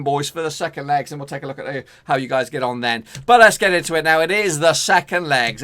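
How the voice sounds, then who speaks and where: A man's voice: on the high side, sharp tone. A man hosting a casual football predictions show, chatty and rambling with many fillers and restarts. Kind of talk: casual football betting preview.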